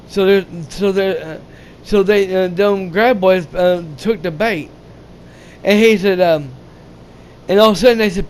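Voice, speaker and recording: Halting, high-pitched man recapping a film for his channel, faint hiss behind. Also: steady tone. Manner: rambling, halting retelling with many restarts; casual and profane. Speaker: gaming channel host. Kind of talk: casual movie recap.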